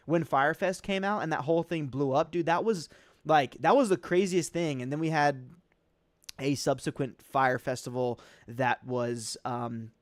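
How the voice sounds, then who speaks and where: A man's voice: mid-range voice, dry recording, studio quality. A young man hosting a casual livestream, answering chat questions in a loose, slangy way with lots of fillers.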